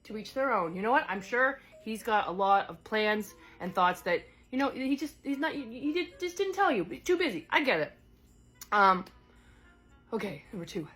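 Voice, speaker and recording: A woman with a mid-range, animated, slightly bright and husky voice speaks at normal speed over faint music. In an improvised one-sided role-play, she plays a chatty goddess stranded in another world, scattered but caring, rambling with plenty of fillers and self-corrections.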